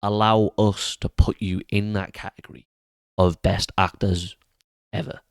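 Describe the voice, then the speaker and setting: Low-voiced man giving a blunt review. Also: level tone, unhurried, smooth, no room sound. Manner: blunt, earnest criticism. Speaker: film reviewer. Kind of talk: spoken film review.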